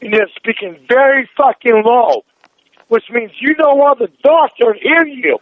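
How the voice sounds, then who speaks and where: Enraged, cursing man on a phone call, very high voice, muffled line. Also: moderate pace, dry recording. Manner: furious, swearing nonstop, demanding. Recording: dull phone line recording.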